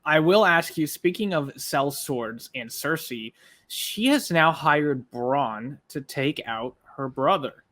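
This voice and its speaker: A man's voice: on the high side, lively intonation, slow pace, a bit bright. A man co-hosting a reaction show, casually posing long, rambling questions to his co-host. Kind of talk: casual discussion.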